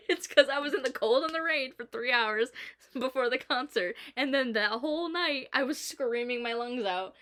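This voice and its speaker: A young woman vlogging at home, chatting and telling a story with animated quoting and laughter. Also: a little high, normal speed. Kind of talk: casual chat. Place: indoors at home.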